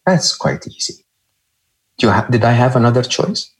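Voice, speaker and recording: A man's voice: normal speed, rough recording. Earnest man with a foreign accent. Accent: non-native English accent. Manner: earnest and emphatic, frequent checking "okay?" and "hmm?"; lively swings in pitch when stressing points. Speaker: podcast guest. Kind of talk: conversational interview.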